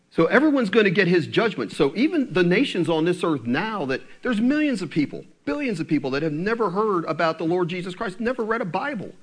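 A man preaching a conversational sermon, asking his listeners questions and slowing down into a low, solemn tone when he reads scripture. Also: fairly bright tone. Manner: drops to a low, slow tone for scripture.

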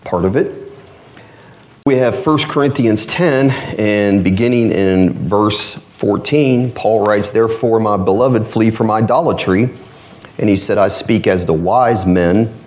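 A man's voice: on the low side, slow pace, a little mellow. A man with a northern US accent preaching a sermon in a folksy, conversational way with frequent asides to the congregation.

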